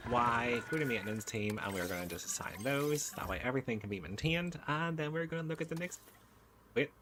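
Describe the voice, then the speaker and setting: A man giving excitable let's play commentary, cooing at the baby creatures in his game. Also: mid-range voice, fairly quick, slight background noise. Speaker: gaming channel host. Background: game music.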